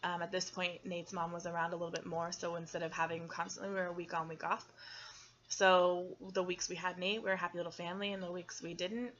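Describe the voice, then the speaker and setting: A young adult woman telling her personal faith testimony, earnest and halting, with frequent pauses and restarts. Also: fairly low pitch, little pitch movement, a bit bright, muffled recording. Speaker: testimony speaker.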